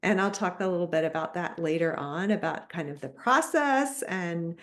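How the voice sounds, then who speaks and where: A woman's voice: fairly low pitch, expressive, normal speed, fairly bright tone. A middle-aged woman, a children's book author and former teacher, answering interview questions in a chatty, storytelling way. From United States.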